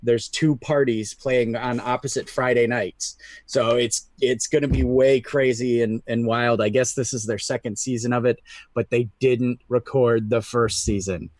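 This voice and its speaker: A man's voice: medium pitch, steady tone, measured pace, a little mellow, no room sound. A man who plays tabletop games, chatting casually and rambling with lots of fillers and restarts. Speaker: tabletop game player. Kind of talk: casual chat.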